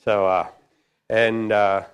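A man's voice: on the low side, flat delivery, takes it slowly. A man preaching a jokey, conversational sermon.

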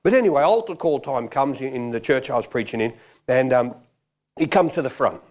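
Animated preacher man. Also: mid-range voice, a little fast. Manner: animated, acts out quoted voices. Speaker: pastor. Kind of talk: sermon with storytelling.

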